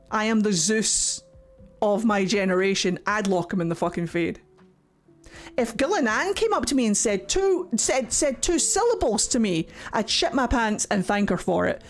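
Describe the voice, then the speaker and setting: A young woman giving casual reaction commentary, mocking and excitable, who swings between shrieks and low grumbles and swears a lot. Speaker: streamer reacting to a game.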